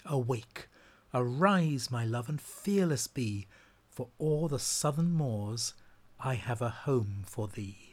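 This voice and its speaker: An ardent young lover declares his devotion in a fervent, declamatory voice, as a man acts him out. He speaks slowly and with urgency, at a mid-range male pitch, in a dramatic poetry reading. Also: lively intonation.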